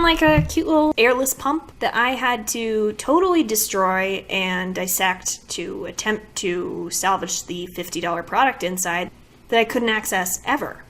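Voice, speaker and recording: A woman's voice: fairly high pitch, fairly bright tone, slight background noise. A woman beauty vlogger giving a casual product review to camera, complaining dramatically and asking exasperated rhetorical questions.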